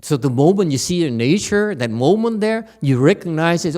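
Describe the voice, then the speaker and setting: A man giving a lecture at a temple, animated and teasing, often checking whether the audience understands. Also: a little high, normal speed. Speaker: Buddhist teacher. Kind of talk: dharma lecture.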